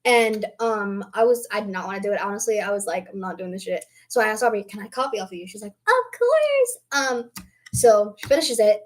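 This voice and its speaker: A young teenage girl casually telling a school story, animated and swearing freely as she acts out what people said. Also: medium pitch. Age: young teen.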